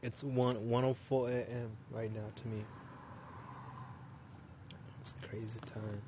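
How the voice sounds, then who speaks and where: A young man talks casually to his stream late at night, tired and easygoing, with quick laughs between thoughts. His voice sits at a middle pitch for a man. Faint crickets and night air hum behind him on a handheld phone mic. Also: level tone. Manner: tired, loose, laughs often, chatty with viewers. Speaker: live streamer.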